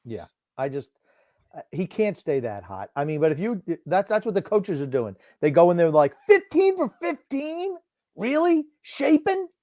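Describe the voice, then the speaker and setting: A man co-hosting a casual football watchalong podcast, gruff and blunt, given to rambling asides. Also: on the high side, expressive, normal speed, warm tone, no room sound, clean studio sound. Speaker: podcast co-host called Grump. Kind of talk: casual game watchalong chat.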